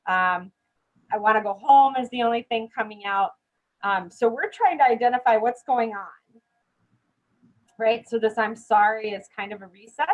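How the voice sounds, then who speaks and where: A woman's voice: on the high side, normal speed, long pauses, dull audio. A middle-aged woman teaching dementia care in a live online session, earnest and chatty, checking in with "right?" often. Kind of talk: live-streamed training chat.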